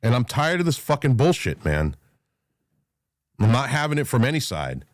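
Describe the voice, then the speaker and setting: A man's voice: mid-range voice, very animated, normal speed, no room sound. A man hosting a live talk room, ranting in an angry, profane, emphatic way and repeating himself as he drives his points home. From New York, USA. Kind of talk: heated live chat rant.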